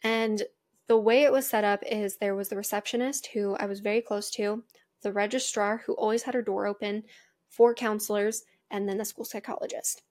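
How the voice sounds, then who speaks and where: A woman's voice: mid-range voice, steady tone, normal speed, darkish tone. A young adult woman hosting a podcast, telling a personal story in a chatty way with lots of asides. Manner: chatty, with frequent "like" and "mind you" asides. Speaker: podcast host.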